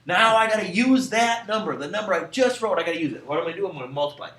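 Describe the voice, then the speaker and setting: A man teaching a math lesson as the class teacher, lively, chanting steps and walking through each problem aloud. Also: high-pitched, quick pace, echoey room, far from the mic. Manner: animated, acts out voices and chants steps.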